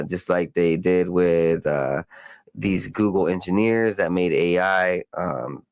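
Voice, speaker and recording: A man's voice: deep voice, clear, resonant tone, dry recording, low-quality recording. A man hosting a podcast, reading news articles aloud and breaking off into loose, rambling commentary full of fillers and restarts. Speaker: podcast host.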